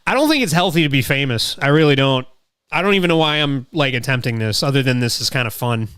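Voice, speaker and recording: A Connecticut man hosting his own live stream, wandering from thought to thought as he reacts to clips. His voice is smooth and resonant, close on a mic with a dead-dry sound. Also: medium pitch, animated, fast talker, fairly bright tone, dry recording. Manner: rambling, thinking aloud. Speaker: streamer host. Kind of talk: casual live-stream commentary. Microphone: close studio mic through mixer.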